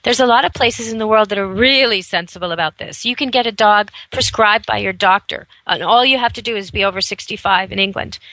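A woman's voice: medium pitch, a little fast, few pauses, pushed and bright, no room sound, poor audio. A woman hosting a radio talk show, giving earnest, persuasive advice in long flowing runs.

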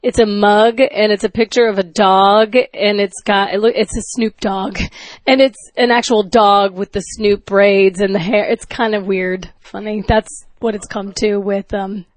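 A woman co-hosts a podcast, chatty and full of quick questions. Her pitch is mid-range, and the sound is dry and close. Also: fairly even intonation, no room sound. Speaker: podcast co-host. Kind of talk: casual chat.

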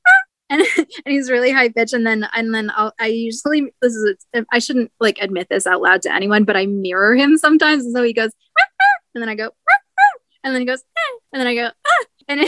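A young woman with a fairly high voice chats as a guest, giggling often and breaking into squeaky imitations. The sound is close and dry, with no room around it. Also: fairly bright tone, dry recording. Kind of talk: casual interview chat.

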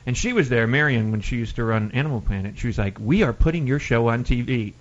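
A man's voice: medium pitch, fast talker, few pauses, lo-fi sound. A man hosting a talk radio show, chatty and rambling as he promotes guests and the show.

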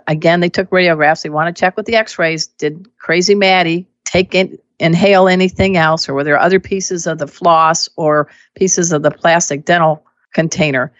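A woman who teaches pet first aid, telling stories and giving emphatic advice in a casual, animated way. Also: fairly low pitch, no echo. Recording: dull lo-fi dry audio.

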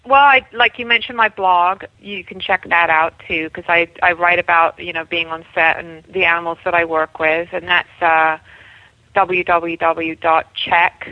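A woman animal trainer being interviewed on the radio, chatty and quick to laugh. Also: fairly low pitch, steady tone, no room sound, highs cut off. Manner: laughs easily, chatty, trails off.

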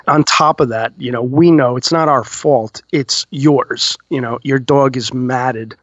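A man's voice: mid-range voice, no room sound. A man, a dog groomer hosting a podcast, telling a story in rambling casual chat with lots of "you know". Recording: dull lo-fi, dry.

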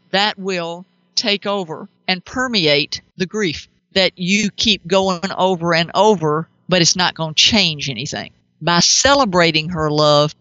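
A middle-aged woman hosts a call-in show with an emphatic, animated delivery. Her voice is bright and ringing. The sound is dry and a little dull. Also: lowish voice, no room sound. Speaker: pet psychic radio host. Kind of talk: call-in advice talk.

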